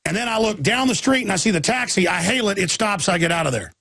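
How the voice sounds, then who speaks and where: Gravelly, high-pitched intense man. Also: animated, quick pace, pushed and bright, no echo, clean studio sound. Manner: intense, rambling storytelling with frequent restarts and outbursts. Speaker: talk radio host. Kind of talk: talk radio monologue.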